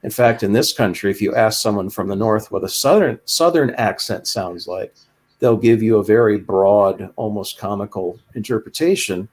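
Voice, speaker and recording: A man in a casual podcast chat, telling stories with lively, animated delivery. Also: on the low side, normal speed. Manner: animated storyteller, slips into quoted voices.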